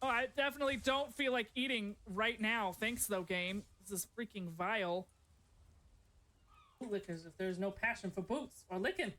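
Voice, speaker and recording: A woman live-streaming a game, chatting casually and playfully with her viewers and reacting out loud to the action. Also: medium pitch, normal speed. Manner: chatty and playful, breaks into yelps and laughter. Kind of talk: casual live-stream chat while gaming.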